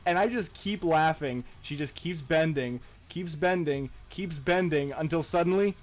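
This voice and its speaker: A man's voice: fairly high pitch, unhurried, over music. A young man and podcast co-host, telling a story in casual chat, swearing freely and laughing as he goes. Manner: profane, laughing, animated retelling.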